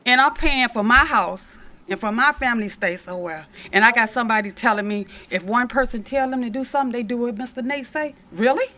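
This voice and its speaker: A woman's voice: on the high side, fairly quick, bright, forceful tone. A middle-aged woman from Michigan giving an impassioned public comment at a city commission meeting, repeating phrases for emphasis.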